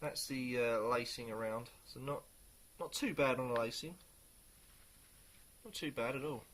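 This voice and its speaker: Man, casual beer reviewer, rambling and unhurried, mid-range voice. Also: medium pitch, a bit bright, slight background noise. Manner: rambling, hesitant, many pauses.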